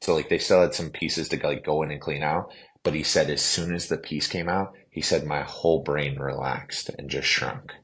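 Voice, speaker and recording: Very deep-voiced man telling his story. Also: moderate pace. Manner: animated storyteller, heavy use of "like" and "you know". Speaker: podcast guest, clinician. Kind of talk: casual storytelling interview.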